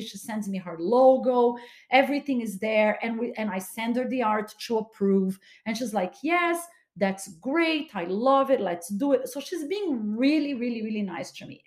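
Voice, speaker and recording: Woman host, fairly high voice, lively casual storytelling, acts out quotes. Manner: animated, dramatic retelling with quoted voices. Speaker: podcast host. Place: home studio, California.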